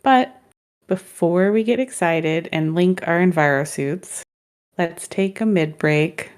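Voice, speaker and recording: A woman's voice: on the low side, slow, a little mellow, clean tone. A woman co-hosting a podcast in playful, jokey casual chat. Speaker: podcast co-host.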